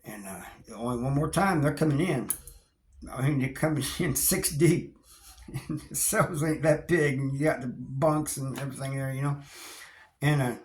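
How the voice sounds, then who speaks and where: In a roomy-sounding recording, a man tells a loose, casual story about his time in prison, sprinkling in slang, wry chuckles, and plenty of "you know." He's a vlogger with a medium-pitched voice and a moderate pace.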